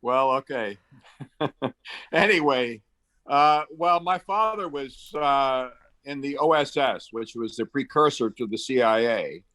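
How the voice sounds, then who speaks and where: A man's voice: mid-range voice, pushed and bright. A man in his seventies who grew up in the Middle East, chatting as an interview guest and telling anecdotes with lots of fillers. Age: 70s. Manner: chatty, acts out quotes in his stories; brisk storyteller with frequent fillers.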